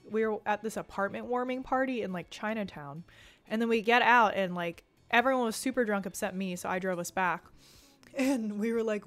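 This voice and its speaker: A young woman chatting casually on a live stream, swearing freely and reading viewer comments aloud. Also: medium pitch. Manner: chatty, swears a lot, reads chat aloud.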